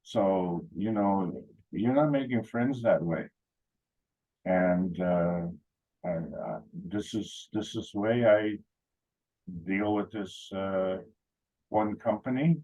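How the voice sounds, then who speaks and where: Low husky man, rambling anecdotes. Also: warm tone, dull audio. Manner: rambling, anecdotal, with frequent fillers and restarts. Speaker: meeting speaker. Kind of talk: casual talk.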